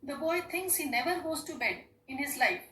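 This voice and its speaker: A woman's voice: high-pitched, animated, normal speed, bright, forceful tone. A woman teaching an English lesson to schoolchildren in Indian English, explaining step by step and repeating key points. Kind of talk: classroom lesson. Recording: echoey room with faint hum.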